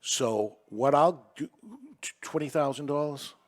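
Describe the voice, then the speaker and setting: A man's voice: fairly high pitch, unhurried. A man in his sixties from Massachusetts, a business owner telling a story on a podcast and acting out the dialogue. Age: 60s. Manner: animated, acts out dialogue. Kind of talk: casual storytelling.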